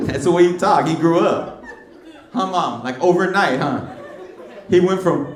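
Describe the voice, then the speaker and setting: A man's voice: fairly high pitch, measured pace, pauses often. A middle-aged male stand-up comedian doing brash, teasing crowd work with plenty of slang. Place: comedy club stage. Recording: roomy club sound from a distance. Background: audience laughter.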